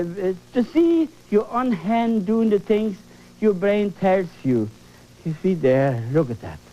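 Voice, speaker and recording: A man's voice: high voice, darkish tone, low-quality recording. A man leading a televised painting lesson, exclaiming and coaxing, repeating phrases for emphasis. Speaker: painting instructor.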